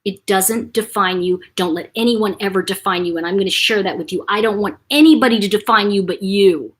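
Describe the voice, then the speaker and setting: A woman from Buffalo, New York hosting a livestream chat, animated and acting out quotes as she talks. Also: medium pitch, fairly quick, breathy edge. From Buffalo, New York, USA. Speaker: channel host.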